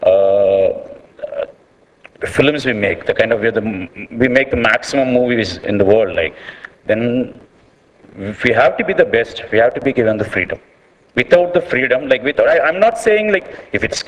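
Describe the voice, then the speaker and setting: An earnest man with an Indian English accent addresses a panel, his sentences stopping and restarting around a steady "like". His voice sits at an ordinary middle pitch. A long reverb from a large conference hall trails each phrase. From South India. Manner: earnest, repeats words and restarts often, leans on "like". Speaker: filmmaker speaking at a panel session. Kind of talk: unscripted public speech.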